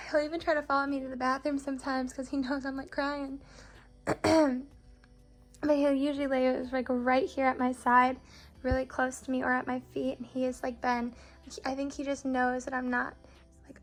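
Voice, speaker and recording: Weary high-voiced young woman, rambling. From Chicago, USA. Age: 20s. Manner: rambling, halting, many fillers. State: weary and in pain after surgery. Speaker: vlogger. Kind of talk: casual recovery vlog. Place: at home.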